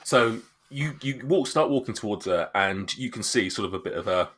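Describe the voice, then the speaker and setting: A man runs a tabletop game, describing the scene in a lowish but bright, forward voice. He rambles, circling back with fillers and restarts as he sets things up. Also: animated, moderate pace, breathy edge. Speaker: game master.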